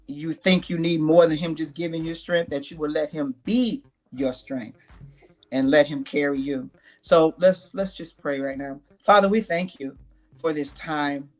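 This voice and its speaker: A woman's voice: sits low, steady tone, unhurried, faint music behind. A woman guest on a live-stream talk show, speaking earnestly and leading a prayer like a minister. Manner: earnest, preacherly.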